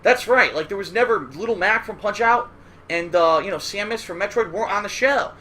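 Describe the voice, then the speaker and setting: A man's voice: sits high, lively intonation, a little fast, pushed and bright. A man hosting a casual, rambling look back at old cartoons, profane and loose, often checking in with "all right?". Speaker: host. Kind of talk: casual retrospective commentary.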